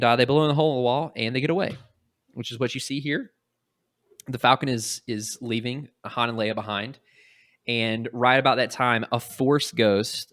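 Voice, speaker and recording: A man's voice: medium pitch, dry recording, clean studio sound. A man hosting a podcast, casually retelling a comic story and acting out the characters' lines. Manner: animated, acts out quotes in quick little voices. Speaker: podcast host.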